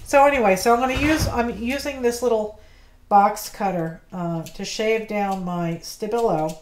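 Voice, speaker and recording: A woman's voice: mid-range voice, normal speed, a little mellow, slight background noise. A woman hosting a live craft stream, chatting casually while she works and greeting viewers by name. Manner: chatty, greets viewers by name, apologetic about mispronouncing names. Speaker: craft livestream host. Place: home craft studio.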